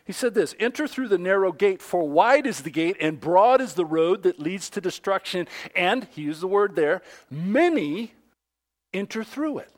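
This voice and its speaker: A man preaching a sermon, acting out the voices he quotes and swinging between loud outbursts and hushed asides. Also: sits high, expressive, normal speed. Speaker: pastor.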